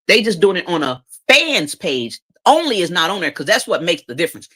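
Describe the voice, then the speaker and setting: A woman's voice: fairly low pitch, very animated, a little fast, sharp tone, husky. A woman giving emotional, opinionated commentary on her channel, sarcastic and emphatic, repeating her points. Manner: emotional, says she cries easily. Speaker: commentary vlogger.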